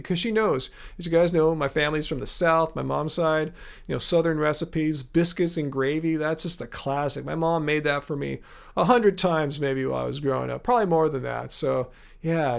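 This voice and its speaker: A man's voice: on the high side, gravelly. A man hosting a live viewer Q&A, talking in an easygoing, rambling way with lots of fillers. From Los Angeles, USA. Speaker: livestream host. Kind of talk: casual live Q&A.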